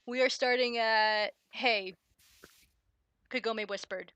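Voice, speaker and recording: Bright, laughing woman host. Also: on the high side, a little slow, no room sound. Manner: laughs often, swears, reads with exasperation. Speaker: host of a fan fiction reading stream. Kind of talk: casual chat and comic read-aloud.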